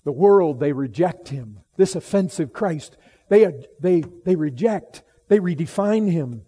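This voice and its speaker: A middle-aged man preaches a sermon in a high, soft-edged, mellow voice. He drops to low, solemn tones, then rises to loud, emphatic exclamations, often repeating words as he goes. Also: animated, measured pace, slightly rough. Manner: repeats and restarts phrases.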